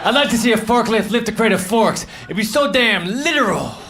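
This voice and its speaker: A man with a fairly high voice tells stand-up one-liners in a flat, deadpan, halting way, muttering self-deprecating asides between jokes. He is on a comedy stage with a handheld mic. The live recording carries a steady layer of noise. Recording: noisy live show recording.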